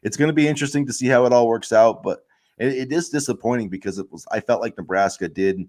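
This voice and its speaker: A man's voice: medium pitch, fast, a little mellow. A man co-hosting a casual sports chat podcast, ranting heatedly with lots of filler words. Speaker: podcast co-host.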